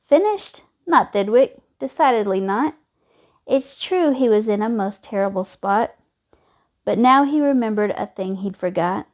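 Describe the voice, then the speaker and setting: A woman reading a children's storybook aloud in a lively, expressive way. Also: a little high. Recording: dull lo-fi recording.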